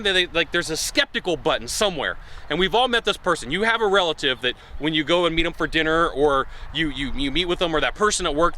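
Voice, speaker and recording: A man giving casual to-camera sales advice, acting out buyers' lines in an animated way, recorded outdoors. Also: on the high side. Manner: animated, acts out buyer dialogue. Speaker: sales consultant.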